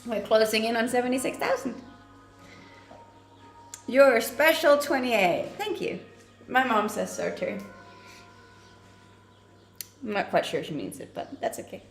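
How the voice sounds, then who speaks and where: A woman's voice: on the high side, animated, unhurried, vocal fry, long pauses. A woman in her twenties from Denmark, casually chatting and teasing as she reads viewer comments on her livestream, laughing often. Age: 20s. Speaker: livestream host. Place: home kitchen. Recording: echoey room with faint music.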